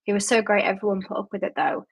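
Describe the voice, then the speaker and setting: With a husky, mid-range voice and a quick pace, a young Yorkshire-accented booktube host runs a relaxed book-chat livestream. She reads out what viewers comment and answers at length, using lots of "like" and "um."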